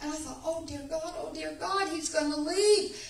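Excitable woman testifying in church. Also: high-pitched, moderate pace, vocal fry, a little hiss or hum. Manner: excitable, rambling, emphatic. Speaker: church member giving testimony. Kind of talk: animated testimony storytelling. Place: church sanctuary. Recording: echoey church room, distant mic.

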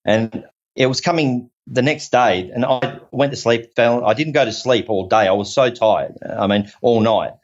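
A man's voice: medium pitch, normal speed. Aussie guy telling his story on a podcast, earnest and rambly, keeps restarting, kinda muffled lo-fi sound. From Australia. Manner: earnest, rambling, repeats himself with many restarts. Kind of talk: personal story told in conversation. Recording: dull lo-fi audio.

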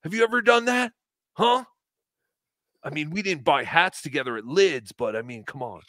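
Sarcastic, bright-voiced podcast host. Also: male voice, fairly high pitch, moderate pace, no room sound. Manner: animated, sarcastic, mocks with impressions. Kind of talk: mocking casual chat.

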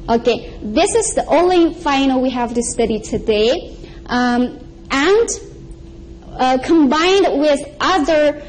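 A woman teaching an elementary language lesson as the show's regular teacher, patiently repeating each sound slowly and clearly for viewers to practice. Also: high voice, darkish tone, a little hiss or hum, poor audio. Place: TV studio.

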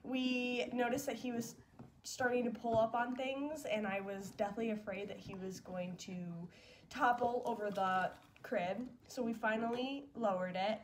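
A woman's voice: a little high, moderate pace, slight background noise. A young woman vlogging as a mom, chatting fondly and casually with lots of fillers. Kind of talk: casual chat.

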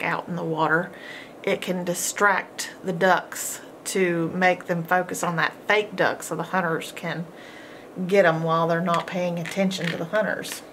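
Patient teacher, woman, slow and deliberate, spells words sound by sound, faint hiss behind. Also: lowish voice. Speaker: homeschool teacher. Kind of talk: phonics lesson.

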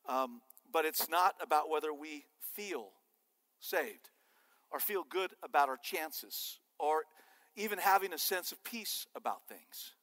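High, bright-voiced joking preacher in hall. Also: male voice, unhurried. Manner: animated and joking. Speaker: pastor. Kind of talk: sermon. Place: church sanctuary.

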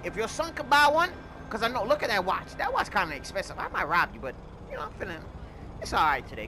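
Theatrical man doing loud game commentary. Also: sits high. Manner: loud, theatrical, swings from mock grief to yelling. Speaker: gaming YouTuber. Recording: background noise under the voice.

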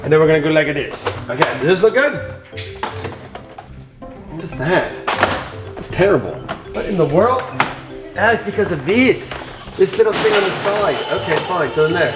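Excitable dad with a lively voice. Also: male voice, high voice, moderate pace, long pauses. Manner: playful, excitable, talks to kids. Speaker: dad hosting a family toy channel. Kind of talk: casual family vlog chat. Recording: music bed under voice.

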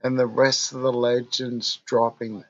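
A man's voice: mid-range voice, level tone, a little slow, a bit bright, highs cut off. A drunk man with an Australian accent, rambling and ranting in a crude, swearing monologue for his vlog. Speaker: vlogger.

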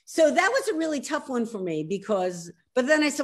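A woman in her sixties from Philadelphia with a Philly accent, talking as an author guest in a video call interview, animated and emphatic, often restarting her sentences. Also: sits high, a little fast.

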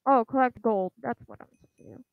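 A woman giving casual commentary while she plays a video game. She sounds unsure and apologetic, uses many fillers, and urges the game on with quick repeated shouts. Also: fairly high pitch, very animated, vocal fry, dry recording. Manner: hesitant and apologetic, lots of fillers. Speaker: gaming channel host. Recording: tinny lo-fi, phone-like sound.

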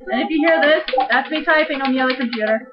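A woman's voice: sits high, noisy background. A young woman joking playfully and laughing easily while co-hosting a game playthrough. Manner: goofy, playful, quick to laugh. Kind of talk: casual gameplay chat. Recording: dull lo-fi home recording.

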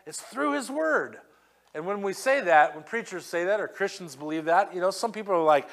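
A man's voice: high voice, lively intonation, fairly quick. Emphatic preaching pastor, man. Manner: emphatic preaching, rising loud on scripture readings; acts out quoted voices in asides. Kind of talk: sermon.

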